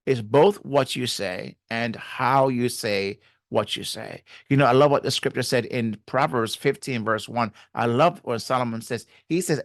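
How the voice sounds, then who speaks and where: A man's voice: medium pitch, normal speed, no echo, clean studio sound. A man giving faith-based marriage advice in an earnest way, repeating key phrases and using many fillers.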